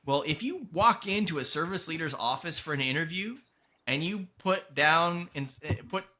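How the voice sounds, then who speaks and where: A man's voice: on the high side, lively intonation, normal speed, bright, forceful tone. A man hosting a podcast, giving earnest, emphatic motivational advice in a casual tone and swearing now and then. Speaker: podcast host and coach.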